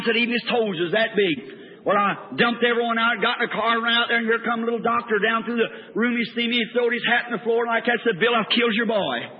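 Fervent high-voiced preacher, tinny hall recording. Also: male voice. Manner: fervent, dramatic, speeds up and cries out in retold prayers. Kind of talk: sermon with storytelling.

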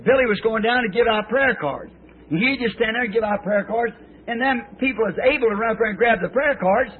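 High-voiced preacher on a tinny old tape. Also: male voice, husky. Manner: folksy, rambling, drawn-out phrasing. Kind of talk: sermon with folksy storytelling.

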